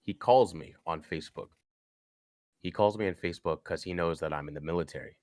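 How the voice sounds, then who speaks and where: A young man on a podcast, telling a personal story earnestly, haltingly, with frequent restarts. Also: sits low, a little mellow, dry recording. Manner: earnest, halting, with many restarts and "you know". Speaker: podcast guest.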